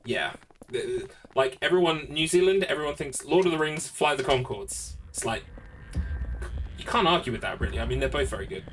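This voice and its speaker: A man's voice: fairly high pitch, animated, fairly quick, fairly bright tone. Chatty male streamer, distant mic. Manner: chatty, talks to chat between bursts of frustration. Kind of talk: casual commentary while gaming. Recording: distant mic with clear background noise.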